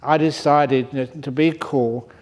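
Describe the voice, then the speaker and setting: A man's voice: mid-range voice, fairly even intonation, takes it slowly, darkish tone. An older man giving a humorous Dharma talk at a meditation retreat, telling stories and chuckling often. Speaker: meditation teacher. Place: retreat centre hall.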